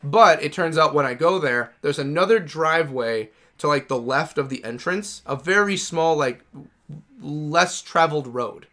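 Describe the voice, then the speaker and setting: Gaming streamer, man, slightly high and bright voice, rambling casual storyteller who swears a lot. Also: unhurried. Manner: rambling, self-correcting, swears freely. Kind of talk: casual storytelling while playing.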